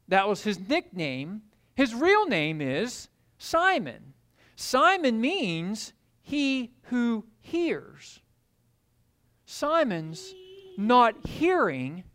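A man preaching a sermon, telling the story in an animated way and acting out the scenes. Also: very high-pitched. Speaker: pastor.

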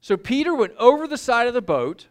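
A woman preaching a sermon, retelling the story in an animated way and repeating words for emphasis. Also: fairly high pitch, fairly quick.

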